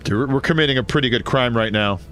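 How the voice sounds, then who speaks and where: A man's voice: mid-range voice, quick pace, a bit bright, soft background music. A young man talking casually and thinking aloud as he plays a video game, laughing often. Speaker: gaming streamer. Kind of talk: casual let's-play commentary.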